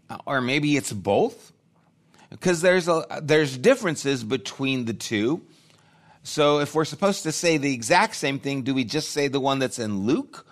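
A man's voice: a little high, expressive, measured pace. A man preaching a sermon, talking in a conversational way and thinking aloud with restarts. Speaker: pastor.

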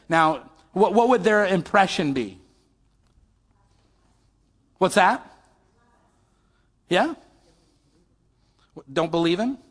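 A man with a high-pitched voice delivers a sermon in a conversational way and keeps putting questions to the people listening. His voice rings out in a large hall with a long reverb tail. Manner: conversational, asks the audience questions. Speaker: pastor.

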